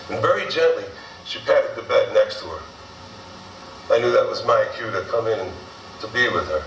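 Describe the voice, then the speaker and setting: A man performing a theatrical monologue on stage, telling his story in a gentle, measured way with pauses. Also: mid-range voice, recorded from a distance, slight background noise. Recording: roomy live theater recording from afar.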